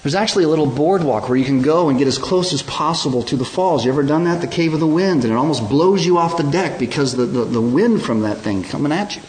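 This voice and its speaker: A man preaching a sermon, building from calm teaching to loud, high-pitched emphasis and then a hushed prayer. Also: fast talker, hardly any pauses, rough recording. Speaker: pastor.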